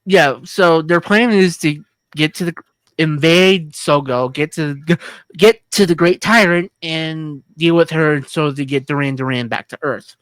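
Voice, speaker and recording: A film review podcast co-host speaks in a low-pitched voice, a little slowly, with no echo. She's casual, rambling, jokey and crude, and frequently restarts her sentences.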